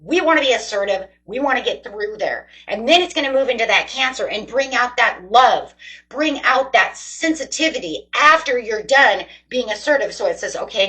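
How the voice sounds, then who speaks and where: A woman's voice: on the high side, bright, forceful tone, poor audio. Chatty woman giving a tarot reading. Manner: chatty, rambling and encouraging. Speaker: tarot reader.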